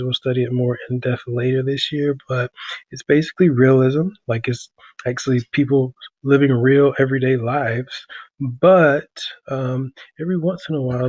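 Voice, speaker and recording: A man teaching a class through a podcast, talking casually with many pauses and fillers. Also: medium pitch, dry recording, muffled recording. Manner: relaxed, many ums and uhs.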